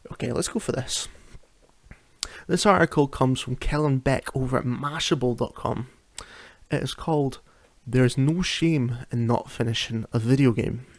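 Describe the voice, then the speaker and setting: At home at night, a man hosts a solo podcast, chatting casually, often laughing and restarting his sentences. His voice is medium in pitch with a darkish tone, and there's no room sound.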